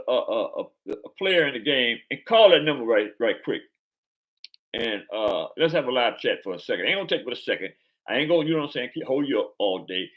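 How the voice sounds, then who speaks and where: A man hosting a live stream chat, talking casually in slang and stumbling over repeated words. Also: mid-range voice.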